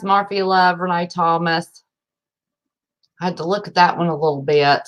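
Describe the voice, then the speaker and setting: A woman's voice: on the low side, fairly bright tone. Folksy Appalachian woman hosting a livestream. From West Virginia. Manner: folksy and chatty, greets viewers by name, calls them honey and y'all. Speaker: livestream host. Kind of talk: casual livestream chat.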